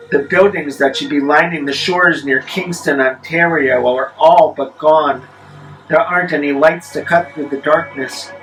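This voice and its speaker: Man, spooky storyteller, slightly high voice, measured, dry wry asides, faint music underneath. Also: fairly bright tone, rough recording. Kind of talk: spooky first-person storytelling.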